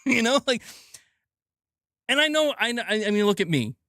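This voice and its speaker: A man's voice: high-pitched, big pitch swings, unhurried, a bit bright, no room sound, clean studio sound. Profane rambling gaming podcast man. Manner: profane, rambling, laughs often, mocking voices. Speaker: gaming news host. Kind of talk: casual opinion rant.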